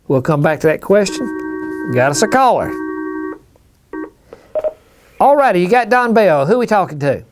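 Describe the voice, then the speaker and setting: A man's voice: high voice, big pitch swings, moderate pace, long pauses, over music. Folksy man hosting a call-in. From Alabama. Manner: folksy, rambling storyteller. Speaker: radio show host. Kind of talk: casual call-in chat.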